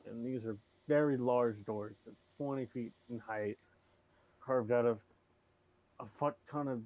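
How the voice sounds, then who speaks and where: A man running a tabletop game as game master, describing scenes and ruling on rolls. He talks in a loose, chatty way and swears casually. His voice sits at a middle pitch. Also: dry recording, phone-quality sound.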